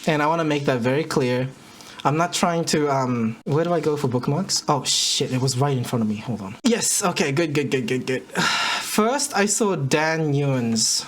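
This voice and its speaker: A man's voice: a little high, animated, moderate pace. A man rambling through livestream reaction commentary, correcting himself and laughing at his own words. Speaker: commentary streamer.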